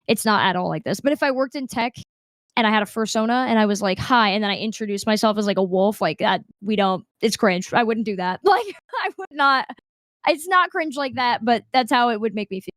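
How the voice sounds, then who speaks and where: A woman's voice: on the high side, a little fast, a bit bright, no echo, studio quality. A young woman guest on a video call, chatting casually with laughs and acting out the people in her stories. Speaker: guest streamer. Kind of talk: casual interview chat.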